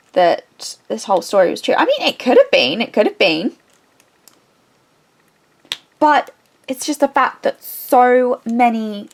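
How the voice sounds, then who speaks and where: A woman, a craft vlogger chatting casually and retelling a story in a rambling, animated way with many restarts. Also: a little high.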